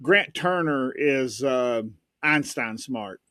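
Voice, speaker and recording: A man hosting a casual podcast chat, who talks emphatically and repeats himself with halting restarts. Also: medium pitch, expressive, pushed and bright, no room sound, clean studio sound. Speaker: host.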